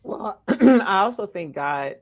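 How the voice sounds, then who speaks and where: A woman's voice: mid-range voice, expressive, slow pace. A woman hosting a casual interview, asking conversational questions and affirming her guest. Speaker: host.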